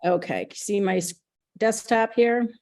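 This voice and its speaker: A woman's voice: mid-range voice, a little slow, a little mellow. A woman presenting a product on a webinar, chatty and a little flustered.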